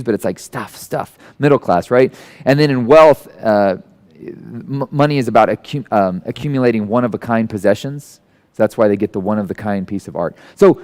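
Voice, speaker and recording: A man giving a conversational sermon who tells stories and acts out the people in them with sudden jumps into a high voice. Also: darkish tone. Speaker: guest speaker. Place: church hall.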